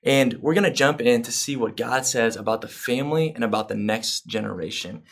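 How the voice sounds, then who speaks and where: Male pastor, mid-range voice, earnest sermon delivery with rising excitement. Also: medium pitch, fairly quick, creaky. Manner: earnest, building excitement, fillers like "um".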